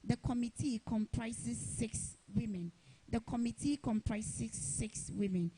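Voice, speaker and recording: Woman teacher, slow deliberate delivery that repeats each example, mellow and fairly high voice. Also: breathy edge, low-quality recording. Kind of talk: televised English grammar lesson.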